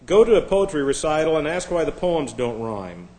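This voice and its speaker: A man's voice: a little high, sing-song, moderate pace, darkish tone. Chuckling man preaching a sermon. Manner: storytelling, chuckles between jokes; reads lighthearted lists aloud. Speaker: pastor. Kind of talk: humorous sermon.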